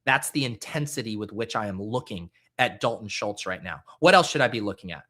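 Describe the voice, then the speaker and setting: A man in his thirties hosting a live stream, chatting excitably with his viewers while drafting. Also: fairly low pitch, fairly quick. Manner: excitable, animated, talks to chat. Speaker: fantasy football streamer. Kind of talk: live-stream casual chat.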